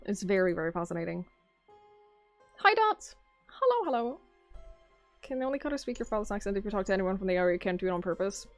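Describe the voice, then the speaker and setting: A woman's voice: mid-range voice, racing, few pauses, darkish tone, faint music behind. A young Norwegian woman with a Norwegian accent in English, chatting casually with her live-stream viewers and reading their messages aloud. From Norway. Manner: chatty, musing aloud, swears casually, reads chat aloud. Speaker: game streamer.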